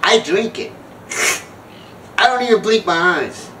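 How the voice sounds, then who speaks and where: Older guy in his 60s doing a rambling funny story, kinda high voice, mic a bit far off, faint noise behind. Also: lively intonation, measured pace, fairly bright tone. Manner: rambling, self-mocking, jumps back and restarts. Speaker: comedic speaker on sobriety. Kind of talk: comedic storytelling monologue.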